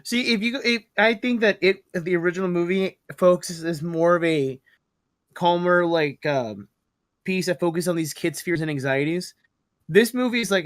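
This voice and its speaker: A man's voice: high voice, moderate pace, dry recording, clean studio sound. A young man hosting a podcast in casual chat, rambling, swearing freely and stumbling over his words. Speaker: podcast host.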